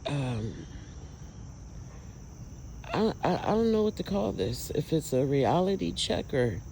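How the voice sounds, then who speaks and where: A man filming outdoors at night, talking to viewers in an emotional, awed, exclaiming way with drawn-out words. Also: fairly high pitch, big pitch swings, creaky, background noise. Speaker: vlogger filming lights at night. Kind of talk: excited casual commentary to viewers.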